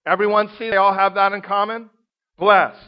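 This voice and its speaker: A man teaching from the Bible in a sermon, conversational and slowing down to stress key words. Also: high-pitched, fairly even intonation, smooth. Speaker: preacher. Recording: dull lo-fi recording.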